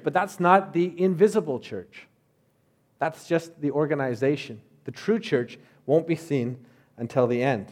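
A man's voice: a little high, moderate pace, darkish tone. A man in his thirties preaching a sermon as a pastor, in a conversational way with rhetorical asides.

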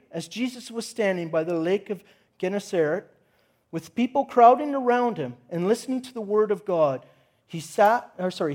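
Animated male pastor preaching. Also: high-pitched. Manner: animated, conversational storytelling with humor. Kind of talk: sermon.

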